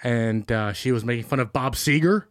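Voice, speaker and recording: A man's voice: medium pitch, normal speed, no room sound, clean studio sound. A man in his thirties co-hosting a podcast, bantering and teasing in casual chat. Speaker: podcast co-host.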